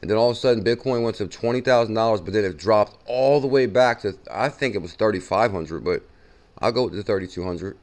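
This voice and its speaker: A man hosting a casual crypto news show, reacting excitedly and repeating figures from a clip he plays. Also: on the low side, fast. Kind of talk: casual chat.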